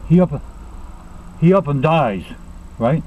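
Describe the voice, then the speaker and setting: Older man telling jokes, slow lively delivery with a lot of bounce in the pitch, chuckles at himself. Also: phone-quality sound, slight background noise. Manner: rambling, chuckles at own jokes. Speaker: joke teller. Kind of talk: casual joke telling.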